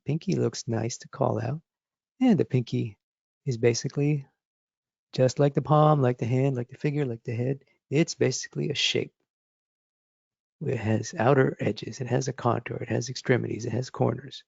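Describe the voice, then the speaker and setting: A man teaching drawing, talking through his sketch step by step as he works, thinking aloud in a relaxed, encouraging way. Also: medium pitch, normal speed, creaky, husky, dry recording, highs cut off. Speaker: drawing instructor. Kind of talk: live drawing demonstration.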